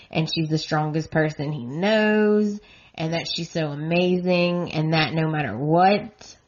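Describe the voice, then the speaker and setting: A woman hosting a podcast talks in an earnest, emotionally invested way. Her voice is low and her delivery unhurried. The recording sounds dull and lo-fi. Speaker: podcast host. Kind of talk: emotional recap monologue.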